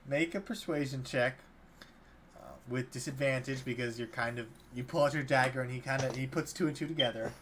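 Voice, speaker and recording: A man narrating as dungeon master in a relaxed, hesitant way with many fillers. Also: medium pitch, brisk, a little hiss or hum. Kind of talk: narrating a tabletop game.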